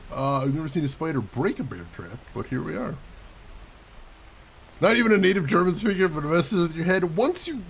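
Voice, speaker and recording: A man's voice: on the high side, a little hiss or hum. A man hosting a let's play, giving wry, joking running commentary as he plays. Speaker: gaming channel host.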